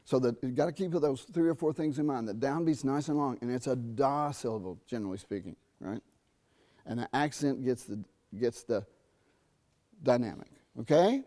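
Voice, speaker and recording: Middle-aged man teaching a trumpet masterclass. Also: medium pitch. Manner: animated, sings rhythms and asks students quick questions. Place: university theatre.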